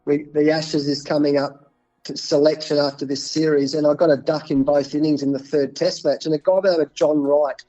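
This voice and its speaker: A man in his fifties with an Australian accent, a cricket coach being interviewed, telling stories in a casual, animated way and often repeating words. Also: on the high side, fairly quick, muffled recording, soft background music.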